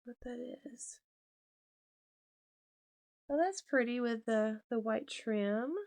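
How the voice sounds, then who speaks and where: A woman hosting a crafts video, chatting casually and gushing with warm emotion over each item. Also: fairly high pitch, slow. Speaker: podcast host. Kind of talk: casual chat to camera.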